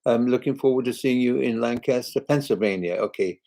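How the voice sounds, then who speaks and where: A man's voice: mid-range voice, brisk, vocal fry, warm tone, poor audio. An older British man, a singer hosting a live chat, reading viewer comments aloud in a chatty, rambling way. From Britain.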